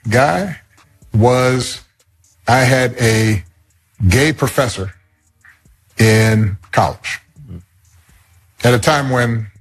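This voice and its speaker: A man speaks in a played clip, calm and earnest, reflecting with a few restarts. His voice sits at a middle pitch. He sounds measured and steady. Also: faint music behind. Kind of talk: measured public speech.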